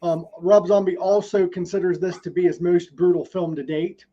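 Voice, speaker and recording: A man's voice: high-pitched, steady tone, normal speed, warm tone, dull audio. A man hosting a casual podcast, reading film trivia with many ums. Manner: reads trivia with frequent ums. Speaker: podcast host.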